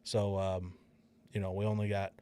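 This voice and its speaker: A man's voice: deep voice, little pitch movement, normal speed, mellow, clean tone. A young adult man co-hosting a podcast, telling stories in a laid-back way with lots of ums and swearing. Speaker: podcast co-host. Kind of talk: casual chat. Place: indoor studio.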